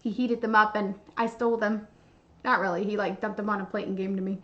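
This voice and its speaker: A woman hosting a baking livestream, chatting casually and gushing with excitement. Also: medium pitch, quick pace. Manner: bubbly, gushing, squealing with excitement. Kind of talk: casual live-stream chat while baking. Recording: dull lo-fi stream audio.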